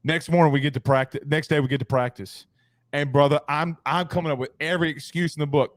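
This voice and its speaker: A man's voice: a little high, dry recording. A man hosting a sports talk show, telling stories animatedly in a slangy, casual way. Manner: animated, fast storyteller with slangy asides. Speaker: podcast host.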